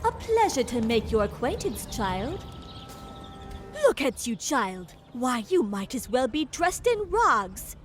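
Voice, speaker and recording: A woman's voice: a little high, very animated, takes it slowly, faint music behind. An actress playing a prim, etiquette-obsessed noble lady in a video game, fussy and affected.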